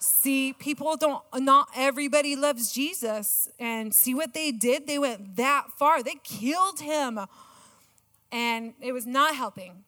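A middle-aged woman giving a sermon with a personal story, excitable and self-mocking, laughing often. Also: high voice, a little slow. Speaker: church speaker. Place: church auditorium. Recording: long church hall reverb.

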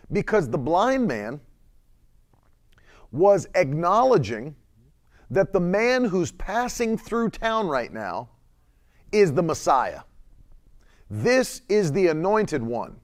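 Male preacher, sermon, lively swooping delivery, slightly high voice, stretched emphatic words. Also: takes it slowly. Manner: laughs between points, reads chat comments.

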